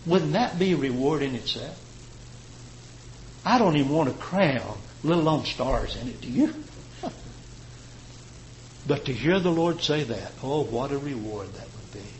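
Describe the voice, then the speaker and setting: A man preaching a sermon, rising to loud, high emphasis and dropping to quiet, slow phrases. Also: animated, slight background noise, poor audio. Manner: impassioned, swelling and dropping in pitch and volume; slows and stretches key words for emphasis.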